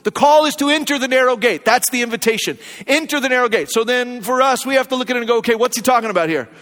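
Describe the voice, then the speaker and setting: High-voiced man preaching in a reverberant hall. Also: fast talker. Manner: earnest, varies pace, drops to a low hush for emphasis. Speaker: pastor. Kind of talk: sermon. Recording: long reverb of a large hall.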